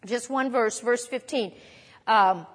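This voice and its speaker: A woman with a somewhat high voice preaches a sermon, talking to her listeners in a conversational but emphatic way. She slows down when she reads scripture aloud. Her voice carries a long reverb, as if she is in a large hall. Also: fairly bright tone.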